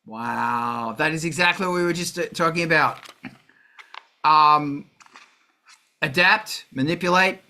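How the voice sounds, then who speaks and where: A man's voice: on the high side, a little slow, long pauses, sharp tone. A middle-aged man hosting a music livestream, talking casually and ranting with heavy swearing.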